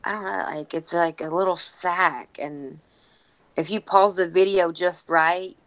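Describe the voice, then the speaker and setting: A woman's voice: lowish voice, fairly even intonation, a little slow, fairly bright tone, no echo. A woman in casual chat who rambles and talks to herself while looking for something on her phone.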